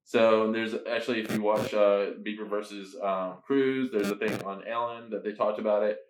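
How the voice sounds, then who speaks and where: A man's voice: on the low side, steady tone, moderate pace, slight background noise. A young man rambling casually through a beer review and celebrity gossip, full of ums and loose swearing. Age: young adult. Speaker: podcast co-host. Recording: roomy echo.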